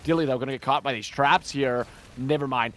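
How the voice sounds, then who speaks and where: A man calling the action in a live esports match, lively and rising in pitch during the plays. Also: fairly quick. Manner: energetic, rises in pitch when calling the action. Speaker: esports caster. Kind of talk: esports play-by-play commentary. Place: broadcast booth.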